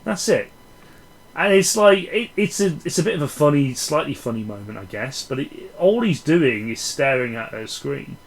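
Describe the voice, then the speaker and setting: A man's voice: a little high, animated, moderate pace, a little hiss or hum, rough recording. Sardonic swearing Englishman. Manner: profane, rambling, sardonic. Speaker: film reviewer. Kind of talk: casual ranting film review.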